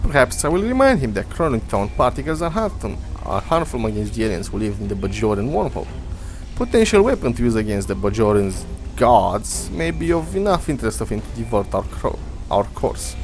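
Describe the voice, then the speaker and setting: A man's voice: mid-range voice, very animated, fairly quick, lightly acted. A man voicing a curious male alien science officer with a put-on Russian accent, reading a formal log. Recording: faint game music behind.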